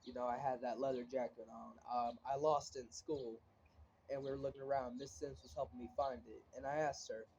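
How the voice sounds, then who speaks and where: A teenage boy rants into a phone camera, full of filler words, restarts and frustrated swearing. His voice is mellow and dark, and the recording sounds dull and a bit muffled. A faint hiss sits underneath. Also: mid-range voice, fairly even intonation, brisk. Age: teens. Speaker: vlogger. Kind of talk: casual ranting vlog. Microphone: phone camera, looking down at it.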